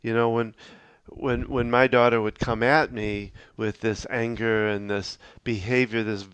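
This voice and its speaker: A middle-aged man hosting a podcast, talking earnestly and reflectively, often halting and restarting as he gives advice. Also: medium pitch, flat delivery, a bit bright, clean tone, no echo. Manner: halting, with frequent restarts and fillers. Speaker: podcast host.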